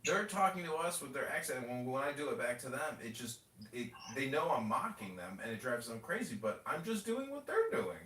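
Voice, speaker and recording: A man's voice: mid-range voice, very animated, brisk, bright, forceful tone, distant mic. A man chatting casually on a podcast, rambling and mocking with plenty of profanity. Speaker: political candidate and podcast host. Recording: roomy audio from away from the mic with faint noise.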